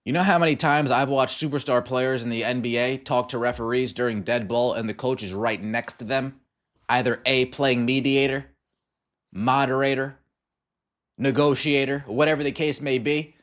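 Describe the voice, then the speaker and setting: A man's voice: medium pitch, steady tone, moderate pace, fairly bright tone. Ranting male sports podcast host. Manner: ranting, exasperated, repeats rhetorical questions. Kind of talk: sports commentary over game clips.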